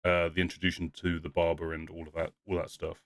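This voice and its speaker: A man's voice: low voice, monotone, fast talker, fairly bright tone. A young man co-hosting a podcast, chatting casually and rambling, laughing often and acting out quotes. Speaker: podcast co-host. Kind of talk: casual review chat.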